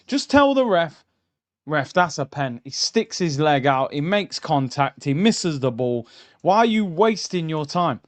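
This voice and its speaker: Excitable man reacting to a match. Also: fairly high pitch, a little slow. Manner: excitable, shouts at the screen, chatty tangents. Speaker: football watchalong host. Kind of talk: live match reaction commentary. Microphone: streaming mic.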